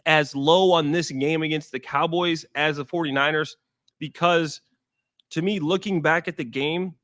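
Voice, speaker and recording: A former pro football player, a man in his thirties, analyzes recent games in a relaxed, emphatic chat. His voice sits high for a man and comes across dry and close to the mic. He drives points home by saying them twice. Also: no echo. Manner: emphatic, repeats points for stress. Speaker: former NFL player, guest. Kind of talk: casual sports analysis chat.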